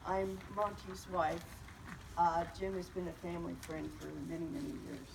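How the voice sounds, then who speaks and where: Older woman with a gravelly voice. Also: on the low side, steady tone, moderate pace. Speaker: mourner sharing memories. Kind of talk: eulogy at a memorial. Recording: distant mic, noisy room.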